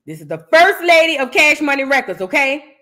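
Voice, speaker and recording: A woman hosts a gossip reaction show. Her voice sits a little high, and she talks in a loose, chatty way, speaking straight to her viewers. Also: sing-song, a little fast, pushed and bright. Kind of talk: casual commentary.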